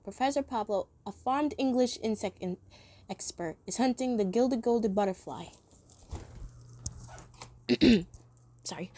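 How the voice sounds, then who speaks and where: A woman talks through a review in a loose, rambling way, full of fillers, restarts and laughter. Her voice sits a little high, and it is recorded dry and close with no room sound. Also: no room sound. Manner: enthusiastic, laughs often. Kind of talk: casual spoken review.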